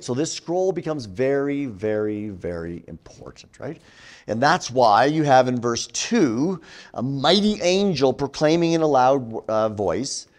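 A middle-aged man giving a classroom theology lecture, teaching with emphasis and often checking in with "right?". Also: mid-range voice. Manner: animated teaching with frequent "right?" tags.

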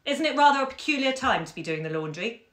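A woman's voice: a little high, animated, fast, a bit bright, voice pushed up. A woman voicing a weary husband who worries over money, gloomy and fretful. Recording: echoey room.

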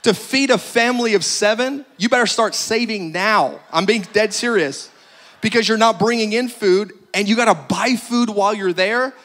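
A man's voice: sits high, normal speed, fairly bright tone. A man pastor giving humorous practical announcements to a congregation, joking and exaggerating for laughs.

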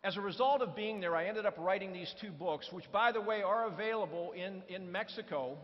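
A man's voice: sits high, fairly quick. A man delivering a motivational keynote speech, telling stories and putting questions to the audience. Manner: storytelling, poses questions to the audience. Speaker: keynote speaker. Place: large conference hall. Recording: reverberant hall, dull lo-fi sound.

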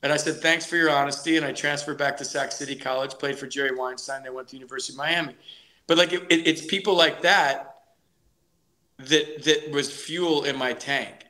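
A middle-aged man spins stories from his playing days with animated energy. His voice has a bright, forward edge. He often stumbles over his first words before the point lands. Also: medium pitch, normal speed. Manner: energetic, animated storytelling with repeated restarts. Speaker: guest, former ballplayer and broadcaster. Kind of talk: storytelling in a podcast interview.

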